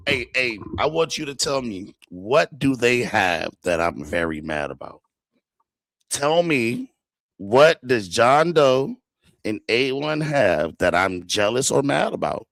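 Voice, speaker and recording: A man hosting a livestream, ranting in a profane, mocking way and swinging between loud outbursts and muttered asides. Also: mid-range voice, animated, a little slow, creaky, dry recording, clean studio sound. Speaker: livestream host. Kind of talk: heated livestream rant.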